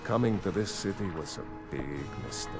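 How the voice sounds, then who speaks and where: A sour, gruff shopkeeper who used to be a fisherman grumbles in a low voice that rises and falls widely, for a video game. Game music plays clearly underneath. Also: lively intonation, normal speed. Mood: bitter. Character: bitter aging male shopkeeper, former fisherman.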